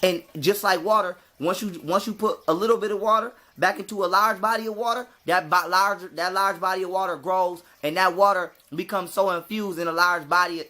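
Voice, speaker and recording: Bright-voiced man preaching with profane emphasis. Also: high-pitched, fairly even intonation, fairly quick, few pauses. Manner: emphatic, profane, repetitive "so with that being said". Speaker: spiritual video host. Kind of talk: preachy monologue to camera.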